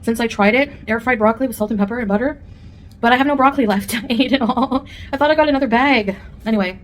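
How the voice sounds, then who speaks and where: A woman's voice: a little high, quick pace, a little hiss or hum. A woman vlogger chatting candidly at home while eating, rambling from one thought to the next in a casual mukbang. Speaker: food vlogger.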